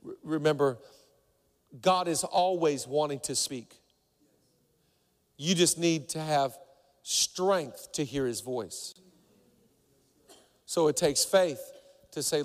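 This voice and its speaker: A man's voice: slow, long pauses. A middle-aged man preaching a sermon as pastor, telling stories and acting out the people in them with big jumps in voice. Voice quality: acts out quoted voices with big pitch jumps. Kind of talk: sermon with animated storytelling. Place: church auditorium. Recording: long hall reverb.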